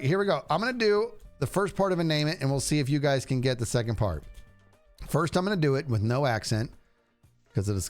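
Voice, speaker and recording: A man streaming a game, chatting casually and rambling to his viewers. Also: mid-range voice. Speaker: livestreamer. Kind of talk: casual gameplay stream chat.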